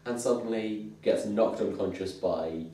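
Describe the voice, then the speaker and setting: A man hosting a casual comic review, retelling scenes in an animated way. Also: fairly low pitch, measured pace. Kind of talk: casual chat. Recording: echoey room, mic at a distance.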